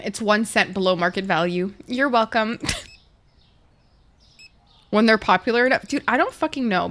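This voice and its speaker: A woman's voice: on the high side, bright, forceful tone. Woman streaming a game, chatty and sweary, talks to chat a lot. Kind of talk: casual gaming livestream chat.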